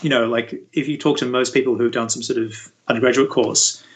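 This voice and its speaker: A man speaking as an interview guest, a university VFX lead explaining things in a relaxed, conversational way. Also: medium pitch, brisk, rough recording. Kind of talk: casual interview chat.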